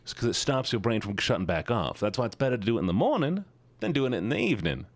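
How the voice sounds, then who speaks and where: A man's voice: very animated, quick pace, no echo. A man livestreaming, chatting casually and playfully with his viewers, often joking at his own expense. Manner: playful, self-mocking, with sudden jumps in pitch. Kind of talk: casual chat to stream viewers.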